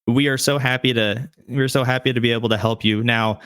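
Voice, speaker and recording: Man as a friendly gate guard, pitched a bit up, cheerfully hesitant. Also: fairly even intonation, fairly quick, a bit bright, smooth, dry recording, clean studio sound, natural voice. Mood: welcoming. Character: friendly male city gate guard, overly welcoming.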